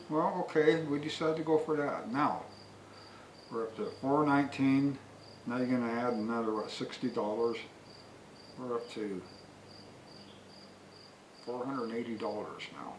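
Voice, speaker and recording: Man, product reviewer, folksy storyteller, mid pitch, distant from the mic, echoey, faint crickets behind. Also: unhurried, pauses often, slight background noise. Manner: folksy, long-winded. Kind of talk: rambling storytelling. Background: faint crickets and insects.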